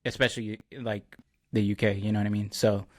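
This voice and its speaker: A man's voice: on the low side, a little fast, no echo, clean studio sound. A man hosting a podcast, chatting casually and telling stories with lots of "like" and "bro". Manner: relaxed storyteller, many "like" and "bro" fillers. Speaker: podcast host. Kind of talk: casual chat.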